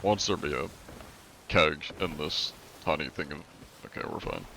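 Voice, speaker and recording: A man's voice: very deep voice, normal speed, vocal fry, pushed and bright, a little hiss or hum. A congested man chatting loosely on a live gaming stream, swearing freely as he talks. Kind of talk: casual gaming livestream chat.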